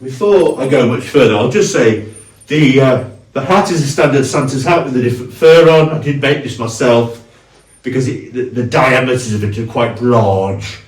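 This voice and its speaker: A man talks through his costume in a relaxed, chatty way, stopping and restarting as he goes. He sounds a bit far from the mic, and the room echoes around him. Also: medium pitch. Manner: chatty, halting, with fillers and restarts. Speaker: cosplayer, video host. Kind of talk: casual costume walkthrough.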